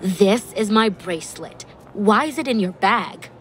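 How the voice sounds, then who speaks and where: A woman's voice: a little high, big pitch swings, moderate pace, fairly bright tone, slight background noise, pitched above the performer's own voice. Cold, accusing young man in a storybook, read by a woman narrator.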